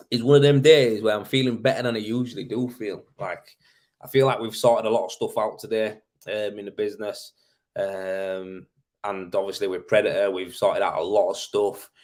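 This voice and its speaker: A man, hosting a casual live stream and giving blunt, matter-of-fact advice full of slang, laughing easily. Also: on the low side. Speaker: host. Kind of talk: casual live-stream chat answering comments.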